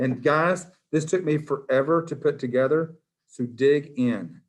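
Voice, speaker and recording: A man's voice: on the high side, a little slow. Upbeat man teaching class. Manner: playful, quizzing students by name. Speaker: high school biology teacher.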